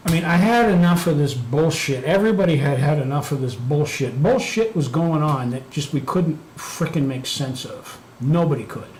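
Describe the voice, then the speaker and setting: A man's voice: a little high, lively intonation, moderate pace, hardly any pauses, darkish tone. A man hosting a live stream, chatting casually and telling a profane story while muttering over his computer work. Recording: echoey room, faint background noise.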